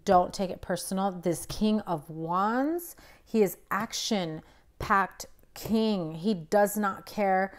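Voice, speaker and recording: A woman's voice: mid-range voice, takes it slowly. A young woman giving a casual, blunt tarot reading to camera, emphatic and chatty with plenty of fillers. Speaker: tarot reader.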